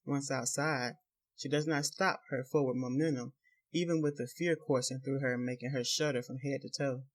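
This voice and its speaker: A man narrating a novel in a measured, even storytelling voice. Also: mid-range voice. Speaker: audiobook narrator. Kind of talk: scripted narration.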